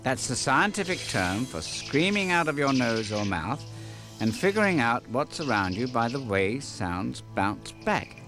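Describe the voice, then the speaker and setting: A man gives a wisecracking nature documentary narration for kids, and his voice swoops up and down lively. He takes his time over each line and tucks in plenty of jokey asides. Music and crickets play steadily behind him. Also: mid-range voice, a little slow.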